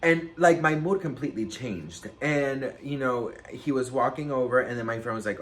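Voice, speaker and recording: A man vlogging a storytime, dramatic and animated, with big jumps in pitch and loudness and a sassy, campy manner. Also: moderate pace, hardly any pauses, slight background noise. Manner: campy, sassy, says "girl" and "okay" a lot. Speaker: celebrity gossip vlogger. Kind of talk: casual storytime chat.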